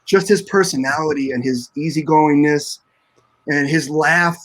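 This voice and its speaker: Emotional male drummer, fairly high voice. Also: steady tone, unhurried, a bit bright, rough recording. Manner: emotional, searching for words, many fillers. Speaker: guest drummer. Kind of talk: casual panel chat.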